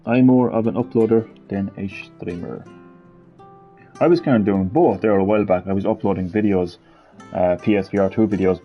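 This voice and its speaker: A man giving casual, rambling let's-play commentary, blunt and thinking aloud. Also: fairly low pitch. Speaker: gaming video host. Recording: lo-fi with game music behind.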